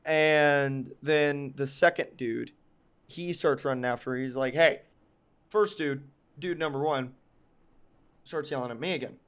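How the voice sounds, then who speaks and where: A man's voice: medium pitch, unhurried, a bit bright, clear, resonant tone. A young man telling a long personal story on a podcast, casual and rambling, full of ums and likes, and often mocking himself. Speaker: podcast co-host.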